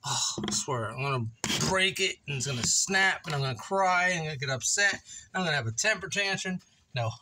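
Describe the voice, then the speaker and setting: Casual vlogger, man, very bright and animated, chatty and self-mocking, faint hiss behind. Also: a little high. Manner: playful, chatty, laughs at himself, talks to viewers by name. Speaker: woodworking vlogger. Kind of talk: casual chat to viewers while building. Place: kitchen table, indoors.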